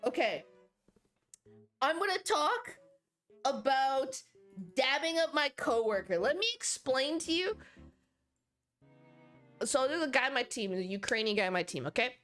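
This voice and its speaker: Young woman streamer with a high voice and faint music behind her. She tells rambling, giggly anecdotes. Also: sing-song, a little slow, long pauses, a bit bright. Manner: rambling, laughs often at own stories. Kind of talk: casual livestream storytelling.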